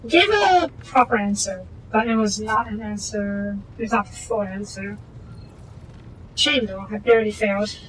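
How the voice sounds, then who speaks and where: A woman playing a video game and giving casual, relaxed, wry commentary as she goes. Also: medium pitch, a little slow, a little hiss or hum, poor audio. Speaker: game streamer. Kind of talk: casual let's-play commentary.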